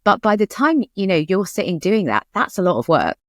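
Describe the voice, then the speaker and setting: A woman's voice: medium pitch, big pitch swings, no echo, studio quality. A woman co-hosting a podcast, asking questions and chatting casually. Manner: quick questioning, conversational. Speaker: podcast co-host. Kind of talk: casual chat.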